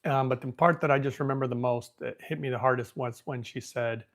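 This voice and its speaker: A man's voice: medium pitch, fairly even intonation, brisk. Rambling male podcast host storytelling. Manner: rambling, thinks out loud, becomes emotional. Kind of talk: casual storytelling monologue.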